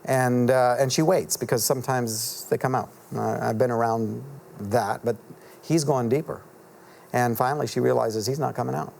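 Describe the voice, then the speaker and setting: A middle-aged man, an author guest in a TV studio interview, telling a story in an earnest, halting way with many fillers and restarts. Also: medium pitch, fairly even intonation, vocal fry, a little mellow, slight background noise.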